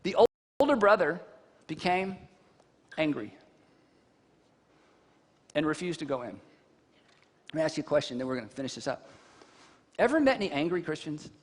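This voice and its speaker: High-voiced man preaching in a reverberant hall. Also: normal speed, pauses often. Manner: animated storytelling with rhetorical questions to the congregation. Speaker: pastor. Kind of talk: sermon. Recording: long reverb from a large hall.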